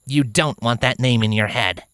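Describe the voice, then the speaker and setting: A woman's voice: extremely low pitch, normal speed, fairly bright tone, dry recording, studio quality. A woman voicing a tough, stern female pegasus guard in a fan fiction audiobook, with blunt, urgent warnings.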